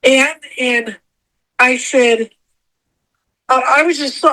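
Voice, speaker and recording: A woman's voice: high-pitched, unhurried, pauses often, pushed and bright, rough recording. Emotional, rambling woman guest. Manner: emotional, rambling, repeats herself. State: tearful at times. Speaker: podcast guest. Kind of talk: casual storytelling.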